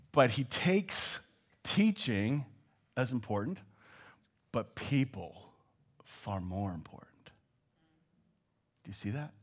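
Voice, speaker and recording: A Canadian man preaching a sermon, animated and joking, sometimes dropping to a hushed tone. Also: a little high, measured pace, long pauses. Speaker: pastor.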